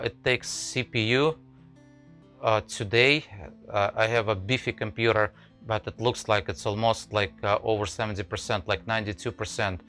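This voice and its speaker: A man's voice: lowish voice, sharp tone, low-quality recording. A man hosting a live woodcarving stream, chatting to viewers with many fillers and restarts. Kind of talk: casual live-stream chat.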